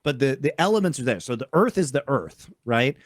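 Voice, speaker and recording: A man's voice: mid-range voice, lively intonation, brisk, no echo, studio quality. A man co-hosting a podcast, explaining a film's background in an informative way. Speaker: podcast co-host. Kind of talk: casual film discussion.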